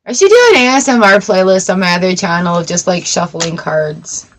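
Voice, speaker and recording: A young adult woman with a lowish voice hosts a live tarot stream, talking briskly on a low-quality recording. She chats casually and tells funny stories, an animated storyteller who laughs often.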